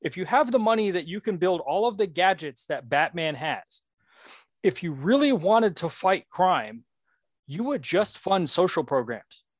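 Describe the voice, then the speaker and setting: A man's voice: high voice, very animated, a little slow, dry recording. A man in casual chat, earnestly laying out his reasoning.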